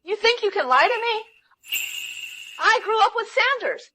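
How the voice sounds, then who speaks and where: A woman's voice: very high-pitched, sing-song, moderate pace, bright, forceful tone, exaggerated voice. An actress in a dubbed drama voicing an arrogant, jealous young rich woman who talks in a haughty, sneering way.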